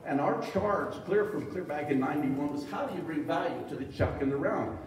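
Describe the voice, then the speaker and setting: Middle-aged man, folksy storytelling speaker with a slightly high voice, recorded far off in an echoey hall. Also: lively intonation, fairly quick, slight background noise. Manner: folksy, joking anecdotes to a live audience. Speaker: beef industry speaker. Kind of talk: storytelling conference talk. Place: meeting hall.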